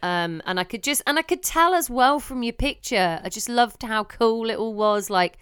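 A woman's voice: fairly high pitch, lively intonation, moderate pace, fairly bright tone, clean tone, dry recording, clean studio sound. A young woman, co-hosting a podcast with gushing, effusive casual chat. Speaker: podcast co-host.

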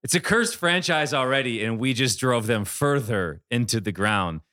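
A man hosting a casual sports betting chat, talking fast in animated bursts. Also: mid-range voice, no room sound, studio quality. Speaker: sports betting podcast host.

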